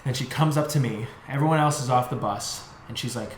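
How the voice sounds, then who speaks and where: Animated young man telling a story. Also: mid-range voice, brisk. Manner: animated storyteller, swears, acts out voices. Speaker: podcast co-host. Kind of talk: casual chat. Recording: echoey room with faint noise.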